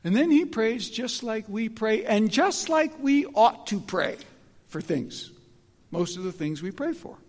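A man preaching a sermon in an animated, emphatic way, often restarting his sentences. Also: sits high, measured pace, long reverb tail.

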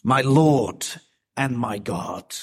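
Male preacher, slow measured delivery, emphatic, rhetorical questions, sermon. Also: mid-range voice, expressive, husky. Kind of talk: expository sermon.

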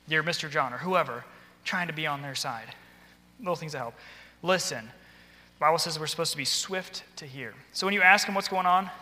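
Man, training speaker at church, bright and punchy delivery, reverberant auditorium. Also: a little high. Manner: animated, acts out soft and stern examples. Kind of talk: practical training talk. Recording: hall reverb.

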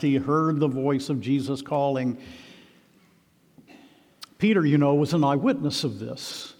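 A man's voice: mid-range voice, a little slow, pauses often, darkish tone, long reverb tail. A man preaching a sermon as pastor, emphatic and repeating key phrases, in a church.

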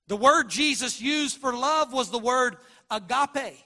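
A man preaching a sermon, swinging between loud emphatic lines and quiet murmurs, and acting out Bible dialogue. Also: lively intonation, moderate pace. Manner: preaching with big swings in loudness, from near-shouts to low murmurs; acts out Bible dialogue in quoted voices. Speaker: pastor.

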